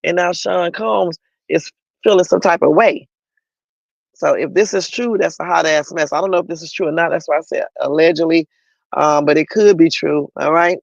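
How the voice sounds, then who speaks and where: High-voiced gravelly man on a livestream. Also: steady tone, normal speed, no echo, highs cut off. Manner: chatty and opinionated, addresses viewers directly. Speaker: livestream host. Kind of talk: casual news commentary.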